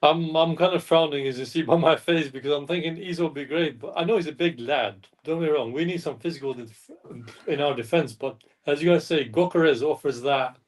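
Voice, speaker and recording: A man's voice: on the high side, brisk. A man chatting as a fan panelist, rambling, often correcting himself and apologising. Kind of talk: casual chat. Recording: distant mic.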